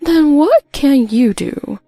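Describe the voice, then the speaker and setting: A woman voicing a firm, brisk older sister who scolds and lays down conditions. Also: medium pitch, expressive, mellow, no room sound, faint music behind, close to an everyday voice. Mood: stern brisk. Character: stern, scheming older sister, brisk and unsympathetic.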